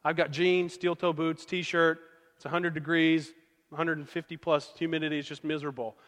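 A man's voice: a little high, little pitch movement, moderate pace, a bit bright. Man, pastor, conversational storytelling sermon, long hall reverb. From Oklahoma.

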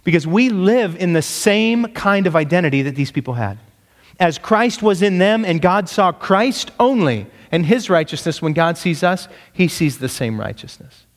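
A man preaching a sermon as pastor. He speaks emphatically, pushes his pitch up to stress points, and asks the congregation rhetorical questions. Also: very animated, normal speed, in a large hall.

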